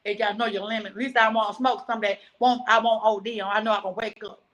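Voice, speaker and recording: A woman talking in a rambling, preachy monologue that jumps between topics and grows loud and agitated as she tells her story. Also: medium pitch, steady tone, quick pace, rough recording.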